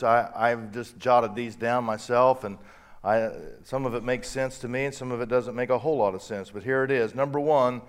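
A man preaching a sermon to a congregation, building emphasis through repeated phrases. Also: medium pitch. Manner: preaching with rising emphasis and repetition. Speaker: pastor.

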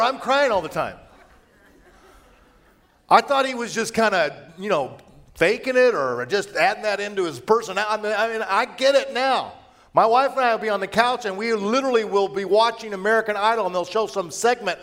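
A middle-aged man preaching a conversational sermon as a pastor, telling personal stories and moving between hushed and raised delivery. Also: sits high, expressive, a little fast.

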